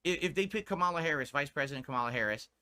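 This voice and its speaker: A man from the United States rants on a stream in a higher-than-usual, bright, pushing voice. He sounds indignant and swears freely. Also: animated, very fast, clear, resonant tone. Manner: indignant, profane ranting. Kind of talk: ranting commentary on a stream.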